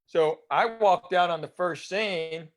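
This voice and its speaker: A man's voice: high-pitched, takes it slowly. A man in his fifties from East Tennessee with a Southern accent, telling chatty anecdotes as a guest comedian and enunciating his drawl. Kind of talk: casual storytelling interview.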